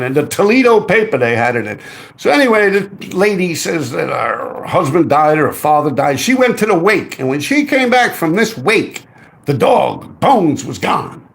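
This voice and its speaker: Livestream host: a man with lively swings of pitch, profane and rambling. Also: creaky. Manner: rambling, heavily profane, worked-up storytelling. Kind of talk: casual livestream storytelling.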